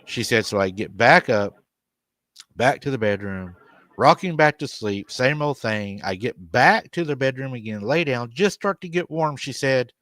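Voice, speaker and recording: A man's voice: mid-range voice, animated, moderate pace, a bit bright, no room sound. A man hosting a paranormal show, telling a family's haunting story at length and repeating "she said" over and over. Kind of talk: storytelling retelling an interview.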